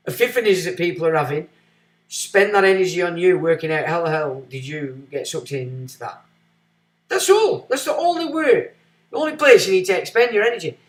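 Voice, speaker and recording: A man hosting a livestream, giving blunt, sarcastic commentary that swings from muttering to loud. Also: high-pitched, roomy sound. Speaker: livestream host.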